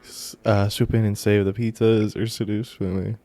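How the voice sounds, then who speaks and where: A man's voice: on the low side, little pitch movement, normal speed, mellow, no echo. A man playing a visual novel, reading its narration aloud and tossing off sarcastic, swearing asides. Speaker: let's play host. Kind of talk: casual gaming commentary, reading narration aloud.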